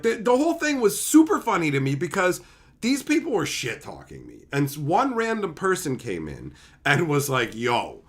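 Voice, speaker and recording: A man from Canada streaming live, swearing freely and laughing through his stories. His voice sits fairly high and swings widely in pitch as he talks. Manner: profane, animated storytelling, laughs often. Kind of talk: casual live-stream chat.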